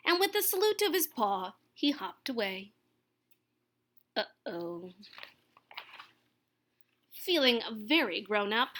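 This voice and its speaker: A young woman reading a children's picture book aloud, expressive and gentle. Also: a little high. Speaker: storyteller.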